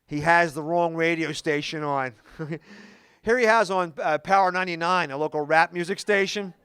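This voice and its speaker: A middle-aged man doing a stand-up comedy routine, telling stories in an animated way with quick asides. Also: a little high, clean tone, no room sound, clean studio sound. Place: comedy club stage.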